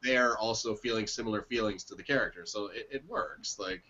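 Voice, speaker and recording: Fast-talking blunt man, lo-fi. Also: fairly low pitch, sharp tone, slightly rough. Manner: quick, blunt, swears casually. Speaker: podcast co-host. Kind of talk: casual chat about movies. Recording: dull lo-fi sound.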